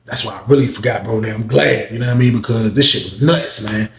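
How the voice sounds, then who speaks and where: A man's voice: on the low side, fast talker, gravelly. A man telling a story to his audience in casual slang and curses, acting out other people's voices as he goes. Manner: animated, acts out others' voices, heavy slang and cursing. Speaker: storyteller recounting his prison days. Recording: roomy echo.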